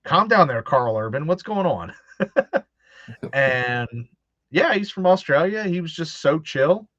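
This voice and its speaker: A man's voice: a little high, very animated, takes it slowly, fairly bright tone, no echo. A man hosting a casual chat, telling stories animatedly and acting out quoted voices, with frequent laughs. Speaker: host. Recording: dull lo-fi dry sound.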